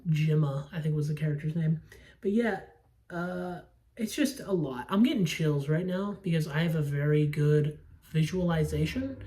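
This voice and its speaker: A woman's voice: low-pitched, warm tone. Rambling, profane young woman, slightly distant. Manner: rambling, profane, self-interrupting. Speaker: podcast host reviewing movies. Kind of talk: casual solo movie talk. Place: at home.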